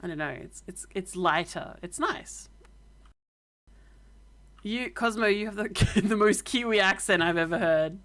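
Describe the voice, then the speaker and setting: A woman's voice: medium pitch, measured pace, pauses often, fairly bright tone. A woman streaming a game, chatting casually in a playful, laughing and profane way. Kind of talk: casual chat.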